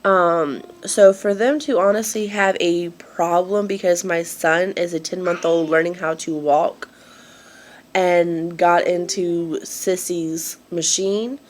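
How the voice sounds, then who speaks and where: A woman's voice: fairly low pitch, fairly even intonation, slow pace, slight background noise. A woman, out of breath and wheezing, rambling apologetically in a casual home vlog. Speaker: mother vlogging. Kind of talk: casual chat to camera.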